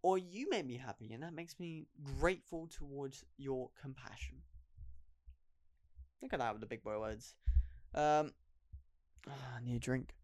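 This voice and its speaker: A man's voice: medium pitch, unhurried, long pauses, no room sound, studio quality. A young man hosting a casual solo podcast, rambling and poking fun at himself. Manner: rambling, self-deprecating, laughs at himself. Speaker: podcast host.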